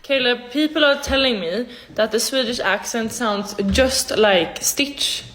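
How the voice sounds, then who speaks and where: A woman's voice: a little high, unhurried, a bit bright, soft background music. A woman speaking hesitantly, stumbling over her words.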